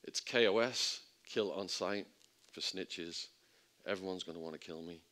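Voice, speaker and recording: A man's voice: normal speed, pushed and bright. A middle-aged man telling his story in a talk, acting out the voices of the people in it. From England. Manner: vivid storytelling, acting out the quoted voices with big jumps in pitch and volume. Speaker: speaker at a public talk.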